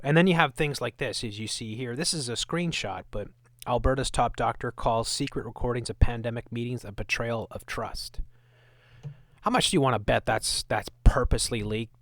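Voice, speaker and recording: A man's voice: mid-range voice, dry recording, clean studio sound. A man hosting his own channel, giving sarcastic, scornful commentary on news clips. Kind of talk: ranting video commentary.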